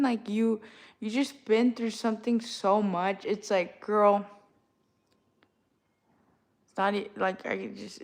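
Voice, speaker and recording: A young woman streaming live, chatting casually with her viewers and ranting in heavy slang with a mid-range voice. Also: medium pitch. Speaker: livestreamer talking to chat. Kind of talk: casual livestream chat.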